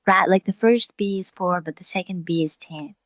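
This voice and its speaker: A woman's voice: on the low side, dry recording. Woman explaining code, dry sound. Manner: explains helpfully, quick agreeing interjections. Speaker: guest programmer. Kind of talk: casual coding chat.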